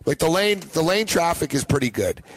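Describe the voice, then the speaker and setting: A man's voice: fairly high pitch, very animated, a little fast, poor audio. A young man hosting a sports betting show, chatting casually and rambling, often repeating himself.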